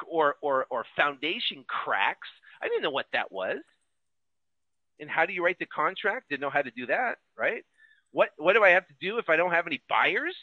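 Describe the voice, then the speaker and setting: Animated, bright-voiced American man coaching. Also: on the high side, no echo, muffled recording. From United States. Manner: animated storytelling, acts out his own past fears. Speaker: real estate investing coach. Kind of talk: motivational sales pitch.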